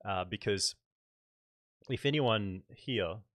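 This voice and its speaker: A man with a light Australian accent talks casually to his livestream viewers. His voice sits fairly low and sounds close and dry. He thinks aloud as he goes, with easy fillers along the way. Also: slow pace, a bit bright, no room sound. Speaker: photography YouTuber hosting a livestream.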